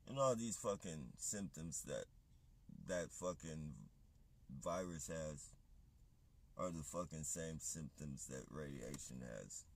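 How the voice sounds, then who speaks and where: A man's voice: rumbling low, takes it slowly, slight background noise. A man on a livestream, ranting in a heated, profane, rambling monologue. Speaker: livestream host.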